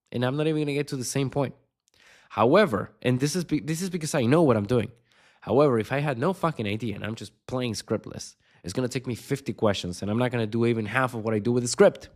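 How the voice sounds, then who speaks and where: A man's voice: mid-range voice, fast, a little mellow. A man coaching on sales in an unscripted video lesson, blunt and swearing constantly, with punchy emphatic delivery.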